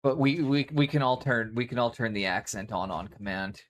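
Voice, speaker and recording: Young man, mild Western Canadian accent, laid-back live-stream chatter, mid-pitched, dry close mic. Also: normal speed, fairly bright tone, no room sound. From Canada, West Coast. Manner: laid-back, mumbling asides, casual swearing. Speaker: live streamer painting miniatures. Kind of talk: casual live-stream chat while working.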